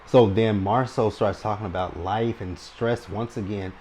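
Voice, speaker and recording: In this casual commentary recap, a man with a fairly deep voice walks through a reality TV episode at a measured pace. He's chatty and wordy, keeps asking "right?", and a soft hum of room noise can be heard.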